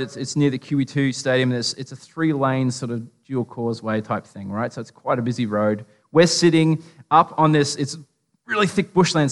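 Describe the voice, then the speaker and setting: A man with an Australian accent preaching a casual, humorous sermon, full of stories and asides. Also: mid-range voice. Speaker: pastor. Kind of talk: conversational sermon. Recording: long reverb of a large hall.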